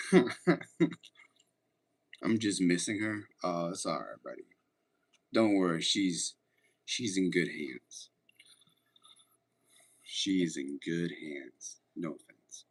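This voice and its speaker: A man's voice: deep voice, expressive, slow pace, pauses often. A man streaming casually, chatting with viewers and joking around in a laid-back way. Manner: laid-back, joking, reads chat aloud. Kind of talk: casual livestream chat.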